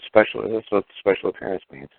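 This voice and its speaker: A low-voiced man with a creaky tone calls in to a talk show, talking fast and chatting casually. He's animated, acting out the voices of the people he quotes, and the phone line sounds dry and tinny.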